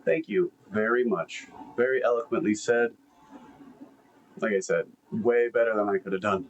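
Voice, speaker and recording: A man's voice: lowish voice, a little slow, lo-fi sound, a little hiss or hum. Blunt, profane man reacting. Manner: blunt, profane, laid-back. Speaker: reaction commentator host. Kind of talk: casual reaction commentary.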